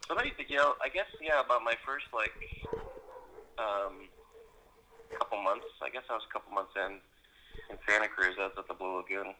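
A man, a stand-up comedian, chatting in a casual podcast, speaking in a laid-back, halting way with many pauses and fillers. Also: fairly low pitch, sharp tone, a little hiss or hum, rough recording.

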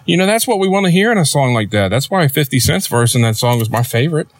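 A man hosting a comedic podcast in a rambling, deadpan, sardonic monologue, recorded near a road. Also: mid-range voice, fast, no echo. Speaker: podcast host. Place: outdoors near a road with passing trucks.

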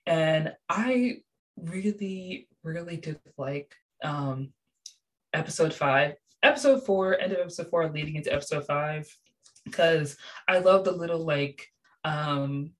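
Young woman, low voice, animated casual reviewer, filler-heavy. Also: a little slow. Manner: animated, gushing, many fillers. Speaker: show reviewer. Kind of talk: casual chat.

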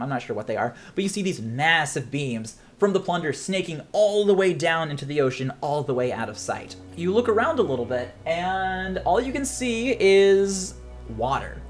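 A man narrating as game master of a tabletop game, chatty and rambling with frequent laughs. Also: fairly high pitch.

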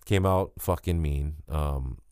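A man's voice: a bass voice, takes it slowly, a little mellow, clear, resonant tone, dry recording, clean studio sound. A young man hosting a podcast, rambling and joking with lots of swearing, tired and giddy. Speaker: podcast host. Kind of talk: casual solo podcast chat.

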